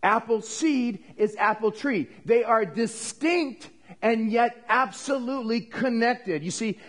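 A pastor preaching a sermon in a church, talking conversationally with the congregation and calling for amens. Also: male voice, extremely high pitch.

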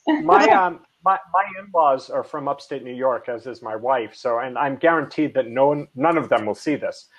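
A man talking in a casual online panel chat. He is animated, often restarts his sentences and laughs along. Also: medium pitch, normal speed, slightly rough. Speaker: co-host. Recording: dull lo-fi call audio.

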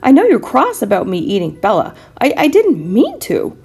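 A woman's voice: a little high, wildly swooping pitch, moderate pace, darkish tone, breathy edge, soft background music, exaggerated voice. A woman voicing a clumsy, nearsighted little boy dinosaur in a storybook reading, earnest and a bit stammering.

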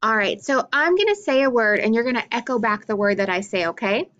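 A woman teaching a phonics lesson to young children, enunciating each sound clearly and praising often. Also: fairly high pitch, expressive, fairly quick, a bit bright, dull audio.

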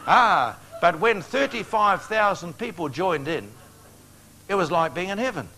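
Older man, evangelist preaching to a crowd; storytelling, earnest altar-call push, voice sits a bit high. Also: expressive, normal speed, gravelly, bright, forceful tone, low-quality recording.

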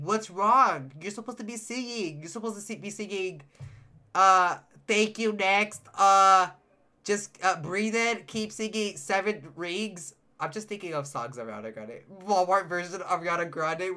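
A man streaming a game live, reacting with loud, excitable outbursts and teasing his chat. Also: sits high. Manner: addresses chat directly, playful teasing. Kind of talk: live gameplay commentary.

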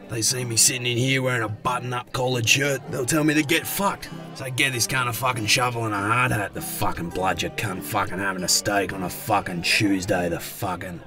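A man's voice: fairly low pitch, fairly even intonation, normal speed, pushed and bright, soft background music. A man voicing an easygoing Australian pub regular in a cartoon, swearing in every sentence. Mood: laid-back. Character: laid-back Aussie bloke in high-vis, pub regular. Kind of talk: animated cartoon voice acting.

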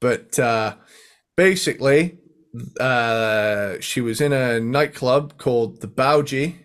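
A man's voice: mid-range voice, slow, clean tone. A man co-hosting a podcast, chatting casually and with enthusiasm, humming guitar riffs and swearing freely. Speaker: podcast co-host. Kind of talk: casual chat.

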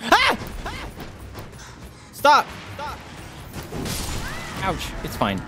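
A woman's voice: on the high side, wildly swooping pitch, extremely slow, loud music behind the voice. A woman live-streaming a video game, swearing, yelping and chattering to herself and her chat as enemies attack. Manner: swears, yelps and shrieks at enemies, talks to chat. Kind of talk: live gameplay commentary.

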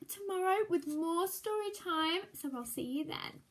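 A woman teacher reads a story aloud for young children. Her voice sits high and she takes her time, slow and clear. She sounds expressive and exclamatory, drawing little listeners in.

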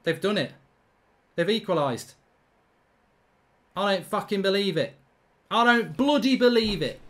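A man's voice: high voice, lively intonation, measured pace, long pauses. A man hosting live football reaction commentary, ranting and swearing in exasperation at his team's play. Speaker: football fan channel host.

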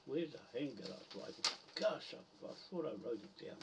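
A man in a rambling rant, angry and cursing, trailing off into mutters as he searches for something. He sits back from the mic, with faint noise and birdsong behind him. His pitch sits in an ordinary middle range. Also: very animated, a little fast, darkish tone, distant mic, rough recording. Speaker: video poster.

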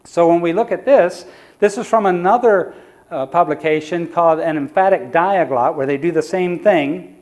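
A man's voice: fairly high pitch, normal speed, darkish tone. A man preaching in a church, teaching the audience in a conversational lecture style and asking them questions. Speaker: evangelist.

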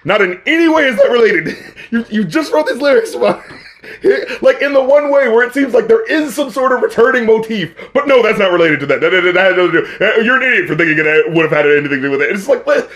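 High-voiced incredulous man ranting. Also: quick pace. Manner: animated, incredulous, laughs often, swears. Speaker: co-host of a music review show. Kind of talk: casual chat, album review.

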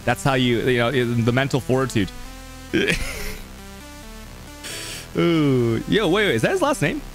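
A man's voice: mid-range voice, sing-song, takes it slowly, a bit bright, soft background music. A young man streaming live, chatting casually with his viewers in a rambling, laughing way with lots of fillers.

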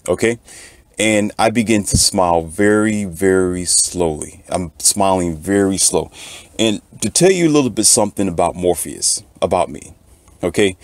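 Deep-voiced man preaching to his viewers. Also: lively intonation, normal speed, dry recording. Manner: repeats "okay" often, preachy and storytelling. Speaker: channel host. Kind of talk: casual monologue to viewers.

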